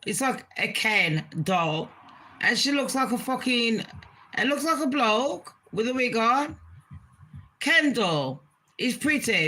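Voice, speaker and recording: A woman holds forth in a casual gossip monologue, blunt and foul-mouthed, turning to her viewers every so often. Her voice is bright and forceful, and she takes her time, drawing each point out slowly. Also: on the high side. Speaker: gossip vlogger.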